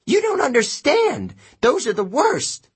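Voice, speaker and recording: A man's voice: very high voice, wildly swooping pitch, measured pace, voice pushed up, full character voice. A man doing a shrieking, haughty sorceress. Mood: shrill. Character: shrill vain sorceress woman.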